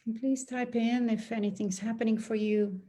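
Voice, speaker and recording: A woman leading a guided meditation, speaking slowly and soothingly and repeating calm prompts for the listener to echo. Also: fairly high pitch. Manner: slow, soothing, repetitive prompts. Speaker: energy healer guiding a clearing.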